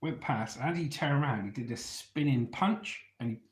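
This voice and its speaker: A man's voice: medium pitch, moderate pace. A man from England, telling stories from his youth to an online audience in a chatty way, often checking in with his listeners. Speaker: storyteller vlogger. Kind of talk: casual storytelling to an online audience. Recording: roomy echo.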